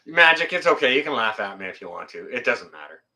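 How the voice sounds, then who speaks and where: Reading viewer comments on his casual livestream, a middle-aged Canadian host speaks quickly in a sharp, mid-range voice that swings widely in pitch. He rambles, cracks jokes, laughs at the chat, and swears a little.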